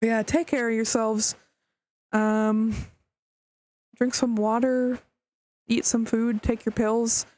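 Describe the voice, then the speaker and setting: A woman's voice: a little high, flat delivery, slow pace, pauses often, a little mellow, dry recording. A woman streamer wrapping up a stream in casual chat, rambling with lots of fillers and the odd curse, hiccuping.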